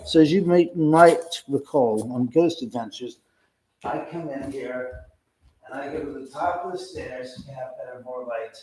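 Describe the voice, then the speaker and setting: A man hosting a casual livestream from his house, telling a story in a rambling, profane, animated way. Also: mid-range voice, normal speed, slight background noise. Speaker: livestream host. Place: his own house, indoors.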